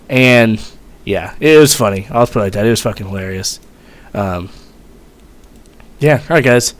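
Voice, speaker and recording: A man's voice: on the low side, normal speed. A young man casually telling a rambling, profane story as a vlogger, full of fillers and swearing.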